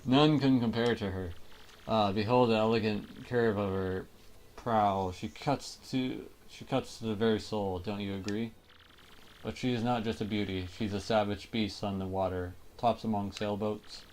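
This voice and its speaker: A man's voice: fairly low pitch, fairly even intonation, moderate pace, a little mellow, a little hiss or hum, lightly acted. A man voicing a pompous, vain male ship-owner in a video game, declaiming grandly and theatrically. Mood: boastful.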